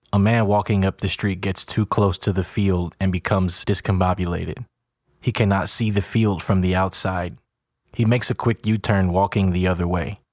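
A man telling a story in a plain, steady way. His voice is low and the recording is dry and close, with no room sound. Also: no room sound. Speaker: narrator. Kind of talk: storytelling narration.

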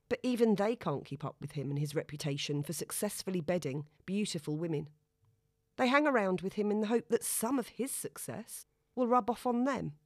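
Low-voiced woman narrating a novel. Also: a little mellow, no room sound, studio quality. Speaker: audiobook narrator. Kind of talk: scripted narration.

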